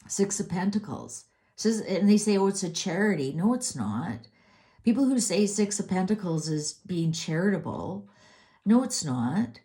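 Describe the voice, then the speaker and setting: This middle-aged tarot reader has a mellow, mid-range voice. While reading the cards she goes off on an exasperated, heated rant, frequently starting over.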